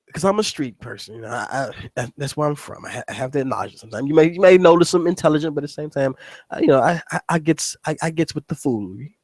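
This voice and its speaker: A man with a high voice talks through a wrestling recap in a loose, profane ramble, repeating words and starting over often. The sound is dry and close, with no room around it. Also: no room sound, poor audio. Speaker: wrestling show host. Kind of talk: casual recap commentary.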